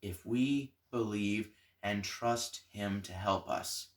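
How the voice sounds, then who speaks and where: A male pastor telling a Bible story as a Sunday school lesson, animated and then dropping to soft tones for emphasis. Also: fairly low pitch, slow.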